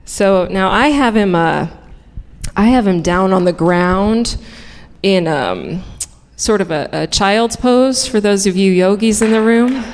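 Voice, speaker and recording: A woman's voice: mid-range voice, expressive, takes it slowly, a little hiss or hum. Frank, profane woman telling a stage story. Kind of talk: live personal storytelling. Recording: reverberant hall.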